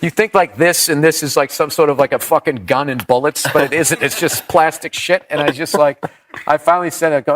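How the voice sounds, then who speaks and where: A man's voice: fairly high pitch, fairly even intonation, brisk, fairly bright tone, slight background noise. A man, a stand-up comedian, telling stories in a casual, rambling, profane way. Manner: profane, rambling storyteller with quoted voices. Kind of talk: casual storytelling on a podcast.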